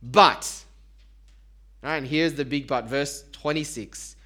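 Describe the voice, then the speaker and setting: A man's voice: mid-range voice, slow, sharp tone. A man preaching a sermon in a conversational way, asking the congregation rhetorical questions and joking about himself. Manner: self-deprecating humor.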